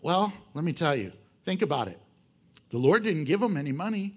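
Animated high-voiced male pastor preaching. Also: brisk, breathy edge. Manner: animated and joking, full of rhetorical questions. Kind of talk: sermon.

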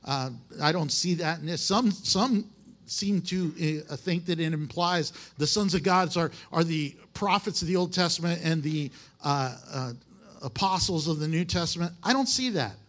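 A man's voice: on the high side, moderate pace, a bit bright. A man who is a pastor, preaching a conversational, emphatic sermon in a folksy way.

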